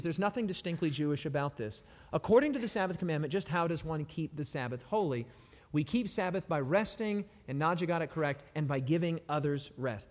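A man preaching a sermon in an animated way, often repeating words for emphasis. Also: fairly high pitch, long reverb tail.

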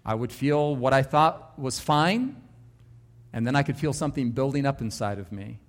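A man's voice: mid-range voice, animated, moderate pace. A man, a pastor, preaching a sermon and telling his own story with emphatic, varied delivery.

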